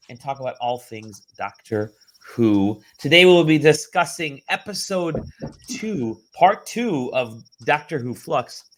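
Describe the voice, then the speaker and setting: A man's voice: mid-range voice, a bit bright. A man hosting a podcast over a video call, chatty and enthusiastic in his welcomes. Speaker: podcast host. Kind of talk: casual chat.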